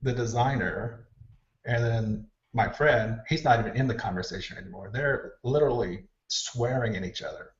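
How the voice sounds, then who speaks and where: In this casual interview, a hair stylist guest tells lively backstage stories and imitates the people he quotes. He talks at normal speed with a medium pitch, and the audio is distant, roomy, and lo-fi.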